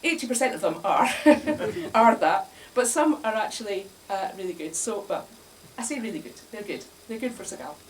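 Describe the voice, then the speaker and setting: A woman with a medium-pitched, expressive voice talks at a normal speed with few pauses. She is doing comedy for a live audience indoors at a bar, wry and chatty, often laughing at her own jokes. The distant mic picks up faint room noise.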